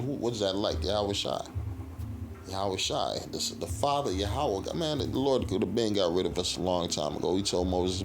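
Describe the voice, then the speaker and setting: A man teaching scripture in a rough, profane street style, reading verses and asking "right?" again and again. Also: lowish voice, moderate pace, over music. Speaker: street preacher.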